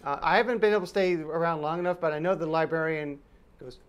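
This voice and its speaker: A man's voice: on the high side, fast, smooth. A man hosting a casual review chat, explaining things in a rambling way with many fillers and restarts. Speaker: podcast host.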